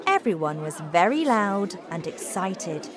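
A woman slowly reading a simple storybook and word list for language learners. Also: mid-range voice, sing-song, crowd noise. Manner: careful, clearly paced reading. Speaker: narrator.

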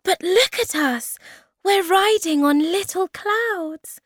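A woman reading a storybook aloud, voicing a cheerful young girl creature in a high, sing-song voice. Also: expressive, unhurried, a little mellow, no echo, studio quality. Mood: excited.

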